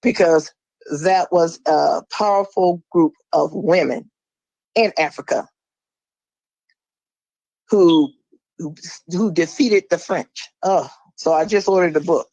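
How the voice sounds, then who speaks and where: A middle-aged woman calling in and speaking in a forceful, emphatic, preachy way. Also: lowish voice, takes it slowly, pauses often, no echo, low-quality recording. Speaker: caller. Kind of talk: impassioned monologue.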